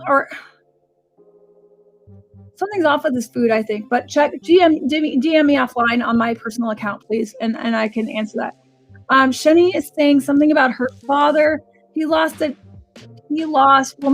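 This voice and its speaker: A woman's voice: sits high, moderate pace, faint music behind. A woman hosting a live psychic reading stream, talking in a chatty, rambling way and often restarting her sentences. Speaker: psychic and animal communicator host.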